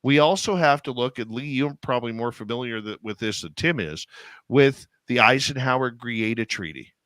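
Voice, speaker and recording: A man's voice: mid-range voice, animated, normal speed, a bit bright, no echo. A man hosting a talk radio show, rambling and sarcastic, firing off rhetorical questions. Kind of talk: casual talk radio banter.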